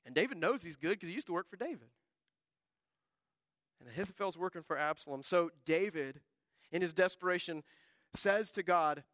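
A man preaching a sermon, swinging between hushed lines and emphatic bursts. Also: sits high, expressive, moderate pace, pauses often, no room sound. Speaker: pastor.

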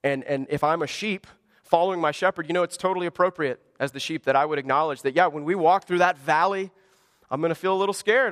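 A pastor with a high, fairly bright voice preaches a sermon to his congregation, earnest and conversational and full of rhetorical questions. The church service takes place in a school gymnasium, and a long reverb tail trails his words.

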